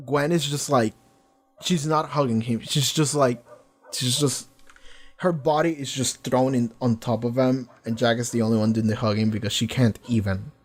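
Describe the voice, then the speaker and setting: A man at an ordinary mid pitch, chatting through his reaction to a TV episode. He rambles and circles back, leaning on fillers and casual swearing as he talks. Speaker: TV reaction vlogger. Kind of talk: casual spoken reaction and discussion.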